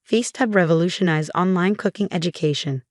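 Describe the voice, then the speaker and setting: A woman with a somewhat low voice narrates a scripted first-person story. She speaks evenly and with measured control. The sound is dry and close, with no room around it. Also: darkish tone, no room sound.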